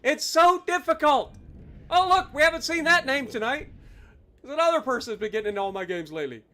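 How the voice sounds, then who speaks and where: High, bright, furious game streamer. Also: expressive, fast talker. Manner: angry, profane ranting at teammates; heavy sarcasm. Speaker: livestreamer. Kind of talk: live gameplay commentary.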